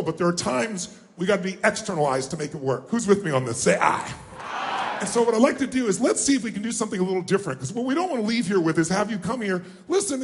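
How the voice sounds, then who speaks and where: A man giving a motivational seminar, rallying a live audience with questions and call-and-response, often shouting. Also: sits high. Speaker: motivational speaker. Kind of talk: live seminar address to a crowd. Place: large event hall with a live audience. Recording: echoey hall, faint ambience.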